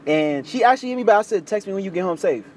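Fast-talking animated young man. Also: slight background noise. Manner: animated, acts out quoted voices with big pitch jumps; crude slangy street talk. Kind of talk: casual storytelling chat.

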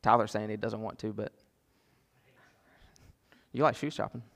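A man's voice: fairly low pitch, steady tone, normal speed, gravelly, fairly bright tone, big-room sound. A man preaching a sermon as pastor, impassioned, repeating phrases for emphasis and acting out prayers.

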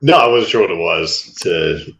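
A man in his early thirties co-hosting a podcast, answering with dry, deadpan quips. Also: sits low, moderate pace, creaky. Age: 30s. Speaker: podcast co-host. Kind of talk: casual podcast chat.

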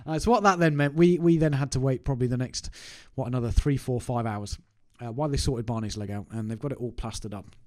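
A man's voice: medium pitch, quick pace, few pauses, a little mellow. A man, telling a personal story to camera in a chatty, self-mocking way. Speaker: business owner vlogger. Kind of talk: casual anecdote to camera.

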